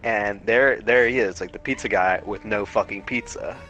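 A man's voice: lowish voice, moderate pace, highs cut off. A young man streaming, telling a story in casual slang and laughing often. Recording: loud music behind. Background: loud music.

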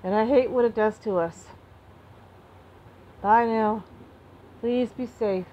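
A woman talking to camera in an emotional personal monologue, impassioned, restarting and repeating herself, flaring into anger and then softening. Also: a little high, steady tone, slow pace. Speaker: vlogger.

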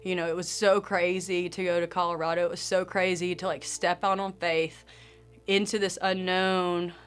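Earnest woman sharing a lower-pitched personal testimony. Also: flat delivery, moderate pace, smooth. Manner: earnest and emotional, with soft laughs.

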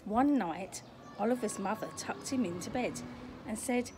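An older woman in a grandmother-like storyteller role reads a picture book aloud to children outdoors in a garden. Her mid-range voice is unhurried, chatty and sing-song, and she often asks the listener questions, against a noisy background with faint birdsong.

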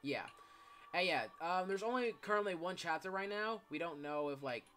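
Bright-voiced young guy gaming. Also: sits high, lively intonation, moderate pace. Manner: rambling, heavy on fillers like "yeah" and "like". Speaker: gameplay commentator. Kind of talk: casual gaming chat.

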